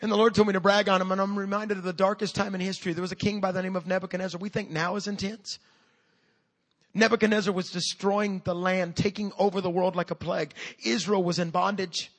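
A pastor in his fifties delivers a lively sermon in a notably high voice. He preaches with energy and humor, and he pushes toward loud, rousing calls to his congregation. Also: quick pace.

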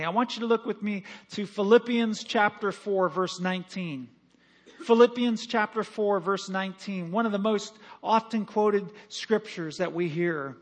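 A man's voice: high-pitched, a bit bright. A male pastor preaching a sermon, emphatic, repeating phrases and calling on the congregation to respond.

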